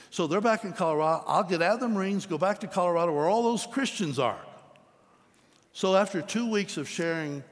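A middle-aged man preaches a sermon testimony, telling his own story in an earnest, storytelling manner. His pitch climbs when he gets emphatic, and a long hall reverb trails his words.

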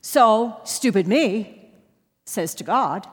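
A woman with a husky, slightly breathy voice preaches, shifting between quiet, measured points and bursts of emphasis. Her voice carries a long reverb, as if filling a large hall. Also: medium pitch. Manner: emphatic storytelling with sudden loud rises. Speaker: Bible teacher. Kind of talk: sermon with personal story.

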